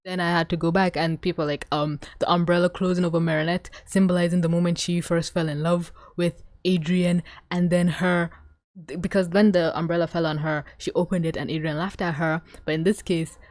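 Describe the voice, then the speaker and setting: A woman giving a casual, excitable cartoon episode review, gushing, swearing, and acting out lines from the show. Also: lowish voice, brisk, dry recording. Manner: excitable, swears, gushes and acts out quotes. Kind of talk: casual commentary.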